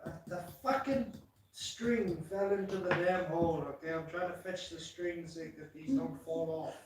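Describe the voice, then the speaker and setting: A man's voice: fairly high pitch, fairly even intonation, moderate pace. A man, the host's brother, teasing and swearing from the background of a home. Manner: crude teasing, swears a lot. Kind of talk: casual banter. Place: home, off to the side of the kitchen. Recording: far off mic in a very echoey room.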